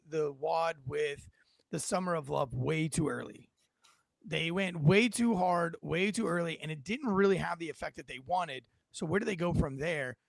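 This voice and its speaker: A man hosting a casual political commentary show, animated and joking, his voice raspy from yelling. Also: a little high, dry recording, studio quality. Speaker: podcast host.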